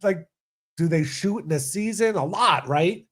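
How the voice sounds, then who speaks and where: A man with a slightly high voice for a man, co-hosting a casual podcast. He throws in quick, incredulous reactions and questions. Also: animated, fairly bright tone, slightly rough. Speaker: podcast co-host.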